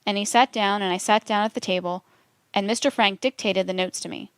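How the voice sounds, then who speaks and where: A woman reading a transcript aloud for a documentary in a measured, steady delivery. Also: medium pitch, smooth, no room sound. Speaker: documentary reader.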